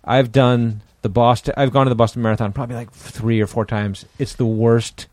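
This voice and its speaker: A man's voice: mid-range voice, level tone, brisk, a little mellow, no room sound, clean studio sound. A man from Connecticut co-hosting a podcast and telling profane anecdotes in casual chat. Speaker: podcast co-host.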